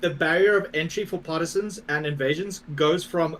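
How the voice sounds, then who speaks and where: A man co-hosting a gaming podcast in loose, profane chat that spikes into bursts of disbelief. His voice sits a little high. A faint hum runs underneath. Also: normal speed, few pauses, a bit bright. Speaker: podcast co-host.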